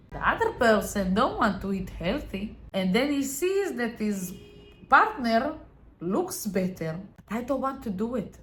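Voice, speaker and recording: A woman's voice: medium pitch, a bit bright, a little hiss or hum. Woman vlogger, earnest and emphatic, motivational chat to camera.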